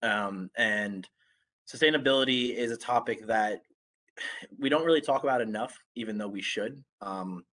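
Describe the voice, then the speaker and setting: There's slight background noise as a young adult man delivers a casual online guest talk at normal speed. His voice is on the low side and congested from a recent illness, and his relaxed delivery is full of fillers and restarts.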